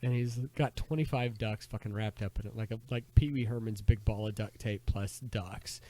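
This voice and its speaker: A man co-hosting a casual podcast, telling crude jokes and putting on loud voices for the people in them. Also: fairly low pitch, fairly even intonation, moderate pace, no room sound. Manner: bawdy joke-telling, loud character voices. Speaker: podcast co-host. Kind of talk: casual chat. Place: back porch, outdoors.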